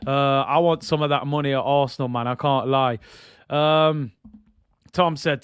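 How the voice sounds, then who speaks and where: Slangy guy doing a live match watchalong stream, chats to viewers, crisp dry mic. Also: mid-range voice, steady tone, a little slow, no echo. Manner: chatty, slangy, reads out chat messages. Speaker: streamer hosting a football watch-along. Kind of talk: casual live commentary.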